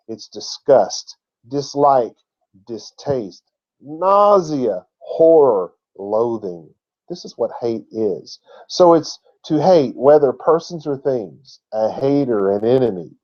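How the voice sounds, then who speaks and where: A man's voice: mid-range voice, dark tone, muffled recording. A man giving an emphatic teaching talk who spells out words letter by letter. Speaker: Bible teacher.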